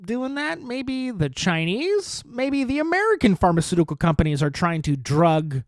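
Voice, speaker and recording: A very animated, high-pitched man talks at normal speed, without echo. He hosts a podcast and rants about politics, rambling, sarcastic, profane, repetitive, and fond of rhetorical questions.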